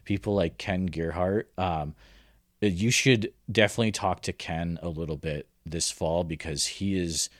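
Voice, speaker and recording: A man's voice: sits low, unhurried, dry recording, studio quality. A man interviewing a guest on the radio in a loose, friendly way, with lots of fillers and restarts.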